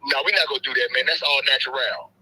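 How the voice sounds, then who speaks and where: Man, guest caller, husky, bright tone, laid-back slang, tinny call line. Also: mid-range voice, fairly even intonation, fast. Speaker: guest, boxing channel host. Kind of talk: casual chat.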